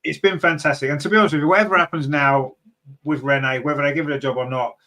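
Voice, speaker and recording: Reading viewer comments aloud on his fan podcast, this host talks fast in a loose, rambling way. His speech is crowded with fillers and spikes abruptly upward in pitch when he gets excited.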